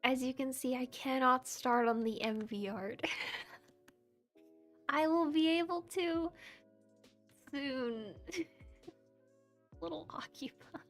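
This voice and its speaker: A woman's voice: high voice, slow, long pauses. A young woman streamer chatting casually with her viewers while she works on art. She giggles often and keeps apologizing in a friendly, self-deprecating way. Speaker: VTuber streamer and model rigger. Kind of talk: casual livestream chat. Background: soft background music.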